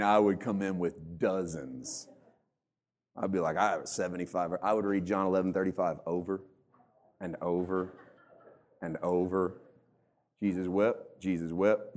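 A man preaching a sermon as pastor in a church, joking and mocking himself while acting out churchgoers. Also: lowish voice. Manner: humorous, self-mocking, acts out church members in put-on voices.

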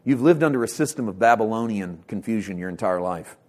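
A male pastor delivering a sermon with passion, swinging from loud bursts to hushed lines and repeating words as he builds emphasis. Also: on the low side, animated, fairly quick. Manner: impassioned preaching with sharp swings from loud to hushed.

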